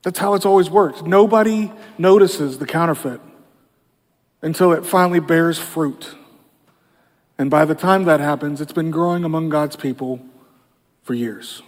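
A male pastor preaches in a relaxed, conversational way, frequently saying "you know" while he explains, at a moderate pace with frequent pauses. His voice is noticeably high for a man, and a long reverb from a large church sanctuary trails his words.

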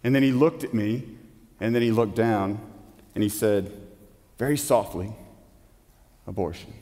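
A man preaching a sermon as pastor in a church, emphatic, asking rhetorical questions and dropping suddenly to a hush. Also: fairly low pitch, moderate pace. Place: church sanctuary. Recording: long hall reverb.

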